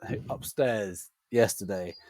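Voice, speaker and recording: A man with a non-rhotic accent that drops his R's, a podcast guest telling a casual, animated story. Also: on the low side, a little slow, no echo. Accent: non-rhotic English, drops R sounds. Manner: animated, laughing anecdote teller.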